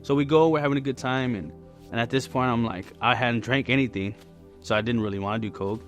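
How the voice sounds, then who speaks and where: A man's voice: mid-range voice, fast, faint music behind. A man in his forties giving a candid, conversational personal testimony at church. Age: 40s. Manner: candid and conversational, many fillers.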